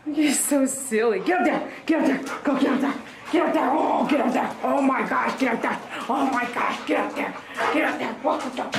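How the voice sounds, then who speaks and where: In a live stream from a grooming salon, a high-pitched woman coos over a dog and praises it in baby talk as she grooms it. She is both the groomer and the channel host. The echoey recording, made with a distant mic, carries a little hiss or hum.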